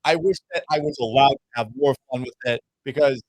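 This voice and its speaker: A man who hosts sports radio, telling stories in a casual interview with a self-deprecating, profane, animated manner. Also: mid-range voice, brisk, no echo. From Massachusetts. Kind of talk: casual storytelling in a podcast interview.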